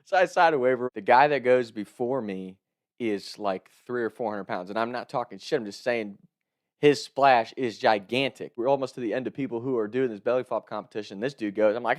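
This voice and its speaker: A young man in his twenties casually telling a funny story to camera, animated, laughing and swearing often. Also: medium pitch, fairly quick. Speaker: content creator telling a story.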